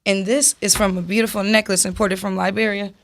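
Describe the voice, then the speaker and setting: A woman's voice: medium pitch, flat delivery, brisk, very noisy. Young woman, radio guest, easygoing and giggly, filler-heavy casual talk. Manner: laid-back, heavy use of "like", laughs often. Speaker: music artist guest. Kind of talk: casual radio interview chat. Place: radio studio.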